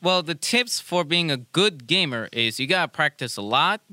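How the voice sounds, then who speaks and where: A man's voice: on the high side, expressive, moderate pace, sharp tone, no echo. A young man co-hosting a casual chat with his father, mostly giving short agreeable replies. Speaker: co-host, son, gamer.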